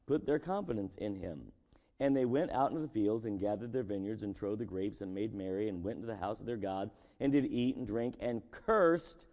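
A man's voice: mid-range voice, dark tone. A man preaching a sermon as pastor, talking casually and asking his congregation rhetorical questions. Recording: long echo of a large hall.

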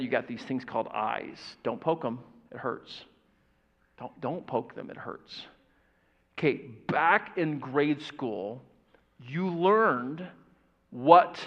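A man preaching a sermon to a church audience, animated and engaging, asking them questions and putting on the voices of doubters. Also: on the high side, long reverb tail. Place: church sanctuary. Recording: dull, muffled church audio recording.

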